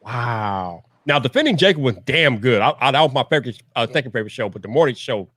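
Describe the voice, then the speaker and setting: Male livestream host on a video call, bouncy pitch, teasing and playful, dry close sound. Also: fast, no room sound. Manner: animated, teasing, laughs often. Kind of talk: casual chat.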